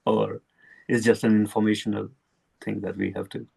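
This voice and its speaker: Low, husky, hesitant man asking a question. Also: level tone, darkish tone, no room sound. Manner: hesitant, halting, many fillers. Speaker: audience member asking a question. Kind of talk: online panel discussion.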